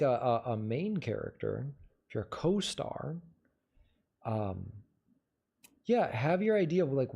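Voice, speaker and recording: A man's voice: medium pitch, mellow. A man hosting a livestream, casually giving advice and answering viewer questions in a conversational way. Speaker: livestream host.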